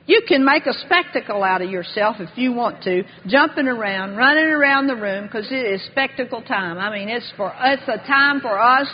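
A woman preaching a sermon with fervor, reading scripture aloud and slowing down to stress key words. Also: fairly high pitch, expressive, a little hiss or hum. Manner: fervent, slows and rises for emphasis, reads scripture aloud. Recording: dull long-reverb hall.

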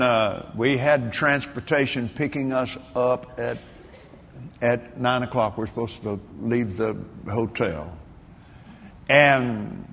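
A man preaching a sermon, telling a story in an animated way that bursts into shouts and laughter. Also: mid-range voice, long reverb tail.

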